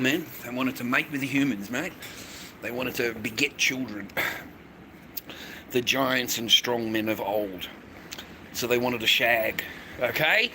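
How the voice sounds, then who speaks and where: With a mid-range voice and plenty of background noise, this Australian livestream host goes on a rambling rant full of swearing and crude remarks. Everyone he addresses gets called "mate."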